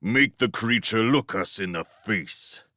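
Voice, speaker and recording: A man playing a low, seething old sultan. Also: animated, slow pace, pushed and bright, no room sound, studio quality, heavily acted. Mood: angry. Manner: low voice trembling with anger. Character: fat, angry older male sultan.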